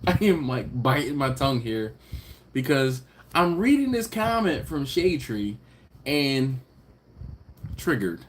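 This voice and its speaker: A man's voice: medium pitch, very animated, measured pace, a little hiss or hum. A man from Philadelphia hosting a casual livestream, reading viewer comments aloud and laughing often. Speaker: livestream host reading chat. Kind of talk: casual live chat.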